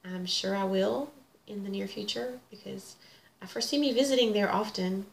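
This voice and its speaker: A woman's voice: medium pitch, moderate pace, creaky. A middle-aged woman, chatting casually and gushing about her hobby. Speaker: cross-stitch vlogger. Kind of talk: casual chat. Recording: echoey room with faint ambience.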